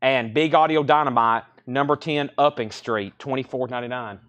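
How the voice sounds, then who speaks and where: A man hosting a live record sale, rattling off titles and prices in brisk auctioneer patter, a bit out of breath. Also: medium pitch, a bit bright.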